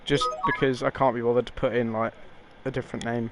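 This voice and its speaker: A man's voice: medium pitch, little pitch movement, fast talker, loud music behind the voice. A young man casually commentating a game playthrough, swearing, laughing and rambling with fillers. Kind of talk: casual let's play commentary.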